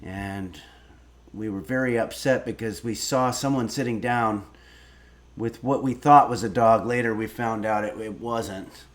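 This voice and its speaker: A man in his fifties hosting a casual cooking livestream, reading viewer messages aloud and answering with deadpan, rambling stories. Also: fairly low pitch, a little slow. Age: 50s. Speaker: streaming cooking show host.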